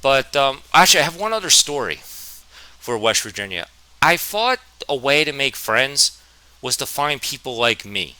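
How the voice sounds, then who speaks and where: A young man from New Jersey telling a storytime vlog, with a halting, stammering, self-deprecating manner. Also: medium pitch, very animated, bright, forceful tone, clean tone, dry recording, poor audio. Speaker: vlogger.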